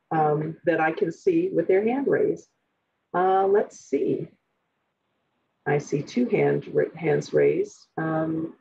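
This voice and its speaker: A woman's voice: lowish voice, gravelly, warm tone, breathy edge. A woman moderating a virtual town hall, taking audience questions with many fillers. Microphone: video call. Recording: dull lo-fi call audio.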